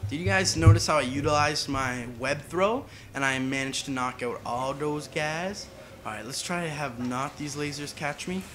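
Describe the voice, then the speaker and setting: A man with a slightly high voice chatting loosely over his gameplay. He wanders off onto tangents and talks to his viewers as he goes. His delivery is relaxed and conversational. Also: normal speed, soft background music. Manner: rambling, chatty, side tangents. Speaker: gaming channel host. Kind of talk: casual gameplay commentary.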